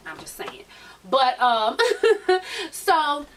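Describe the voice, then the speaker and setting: A woman with a high voice dishes on a reality show in a sassy, animated way, swearing freely as she recaps it. She sits a little back from the mic, so her voice sounds slightly distant. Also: normal speed. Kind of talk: casual, profane show recap.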